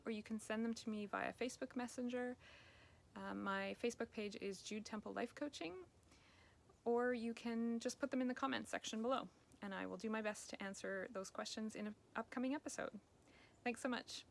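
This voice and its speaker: Creaky-voiced woman life coach. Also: fairly high pitch. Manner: gentle, encouraging, speaks directly to the viewer. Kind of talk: self-help advice video.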